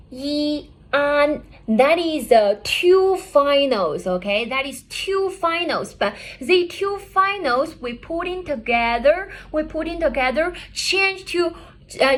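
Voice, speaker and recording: A woman teaches a beginner pinyin class in a high, bright voice. She speaks slowly and deliberately, saying each point twice. She checks in with "okay?" again and again. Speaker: Chinese language teacher.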